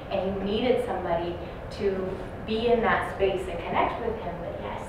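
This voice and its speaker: A woman giving a dementia care training talk to a class, telling stories and acting out residents' shouts. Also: mid-range voice, moderate pace, hardly any pauses. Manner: storytelling, acts out residents loudly. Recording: echoey room from far off, noisy.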